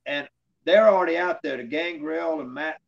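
A former wrestler, a man, tells long rambling stories in a casual interview, using fillers and acting out what people said to him. His voice is fairly high and creaky at a normal speed, with a lo-fi sound.

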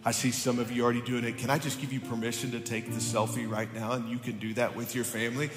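Pastor with echo and music behind. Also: male voice, mid-range voice, fast. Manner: friendly, relaxed, addressing a crowd. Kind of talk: speaking to a congregation. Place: large church hall. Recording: echoey hall, music behind.

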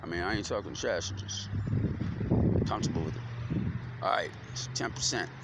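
Gravelly man rambling on a noisy street. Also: deep voice, normal speed. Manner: loose, slangy, stream-of-consciousness talk with cursing. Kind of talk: rambling monologue to camera. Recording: loud street noise with passing vehicles.

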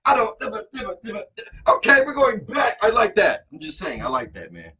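A man with a high, bright voice hosts a music reaction, his talk swinging widely in pitch as he exclaims and chats over the track. A song plays faintly behind him. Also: wildly swooping pitch, brisk, breathy edge. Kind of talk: casual reaction commentary. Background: song playing faintly.

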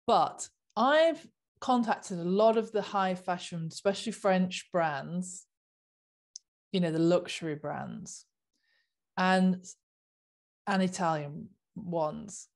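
Woman vlogger, unhurried and earnest, mid-pitched, leans on rhetorical questions. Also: animated, darkish tone. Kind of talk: impassioned casual monologue.

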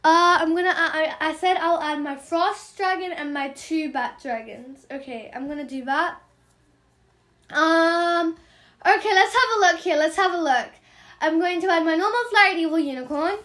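A woman hosting a gaming channel, chattering fast and excitably as she narrates her in-game trades and apologizes for talking so quickly. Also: very high-pitched. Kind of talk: game trading commentary vlog.

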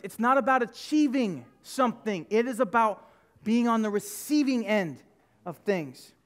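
A man's voice: very high-pitched, a bit bright. A man preaching a sermon as pastor, telling personal stories in a conversational, emphatic way with lots of repetition. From United States. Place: church sanctuary.

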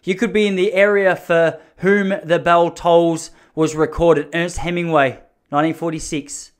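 A man's voice: a little high, normal speed, clean tone. An Australian man from Melbourne hosting a podcast, telling a rambling, sardonic comic monologue. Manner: rambling, sardonic, animated storytelling. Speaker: podcast host. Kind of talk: comedic monologue.

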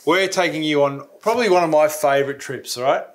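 A man's voice: fairly high pitch, quick pace. A man with an Australian accent hosting a fishing show, chatting casually, teasing and laughing a lot. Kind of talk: casual chat. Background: music.

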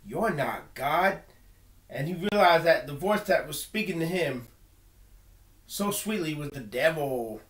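A man's voice: a little high, lively intonation, a little slow, reverberant. A man giving an earnest personal monologue, emphatic and full of repeated words and restarts. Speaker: video blogger.

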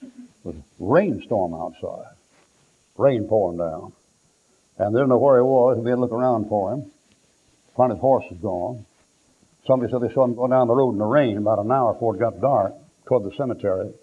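A man's voice: lowish voice, brisk, long pauses, slightly rough. A male preacher telling homespun stories in a rambling folksy sermon, with restarts and down-home phrasing. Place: church. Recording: tinny lo-fi tape.

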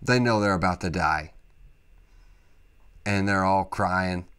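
A man hosting a podcast, talking casually and excitably, with lots of emphatic interjections. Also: sits low, clean tone. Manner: excitable, emphatic, peppered with "freaking" and "dude". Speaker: podcast host. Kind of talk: casual solo podcast monologue.

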